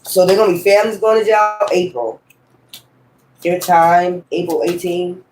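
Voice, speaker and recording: Guy w/ a high voice doing a tarot reading, cussing and rambling, roomy echo. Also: steady tone, moderate pace, a little mellow, a little hiss or hum. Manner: blunt, profane, rambling. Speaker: tarot reader. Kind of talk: casual tarot reading monologue.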